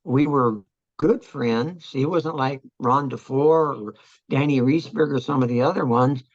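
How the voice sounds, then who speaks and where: An older man, a veteran, telling his wartime memories in an oral history interview, halting and reflective with many restarts. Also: medium pitch, dry recording, dull audio.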